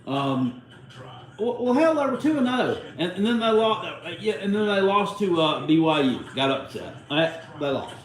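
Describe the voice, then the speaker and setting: A middle-aged man hosts a live watchalong stream, rambling casually, sounding salty and cussing freely. His high voice is very animated at a moderate pace. The room is echoey and the audio quality poor.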